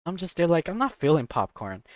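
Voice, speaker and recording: A young woman co-hosting a podcast, telling a story in a casual, animated way, swearing and acting out voices. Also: on the low side, fairly quick, dry recording, studio quality. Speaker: podcast co-host.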